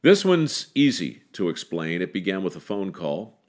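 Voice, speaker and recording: A man with a very deep voice hosts a storytelling podcast, telling a tale with dramatic pauses and a wry tone. His delivery swings widely in pitch, rising and falling for emphasis. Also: very animated. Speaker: podcast host. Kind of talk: storytelling narration then casual talk.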